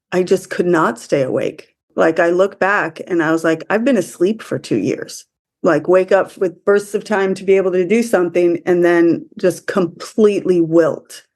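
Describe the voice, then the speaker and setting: A woman from the US speaking as a podcast guest, emotional and halting, often restarting her sentences. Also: fairly low pitch, steady tone, darkish tone. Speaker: interview guest. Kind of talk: conversational interview.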